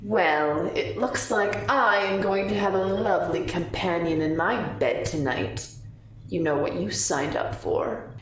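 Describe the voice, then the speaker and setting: A woman's voice: on the low side, slow pace, few pauses, crowd noise. A woman voicing a cruel, cocky male card gambler who taunts with a sneering drawl. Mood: mocking. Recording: roomy distant mic.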